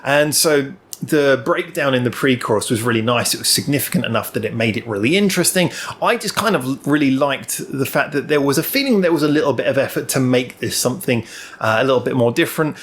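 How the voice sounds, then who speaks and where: A man's voice: medium pitch, expressive, quick pace, fairly bright tone. A man hosting a music reaction channel, giving a casual, thoughtful solo review to camera with many ums and restarts, recorded alone indoors. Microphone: camera in front of him.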